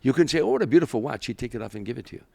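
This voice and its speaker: An older comedian telling stories in an interview, animated and acting out the people he quotes. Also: medium pitch, racing, vocal fry. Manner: animated storyteller, acts out quoted voices. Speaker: guest, comedian. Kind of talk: storytelling interview.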